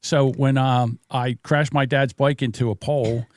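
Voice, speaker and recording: A man's voice: medium pitch, steady tone, normal speed, a little mellow, no room sound, clean studio sound. An older man co-hosting a podcast, telling rambling stories and giving blunt, opinionated takes in casual chat. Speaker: podcast co-host.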